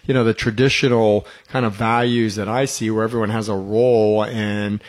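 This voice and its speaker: A man's voice: fairly low pitch, level tone, normal speed. A middle-aged man hosting a radio talk show, telling rambling stories in casual conversation and chuckling often.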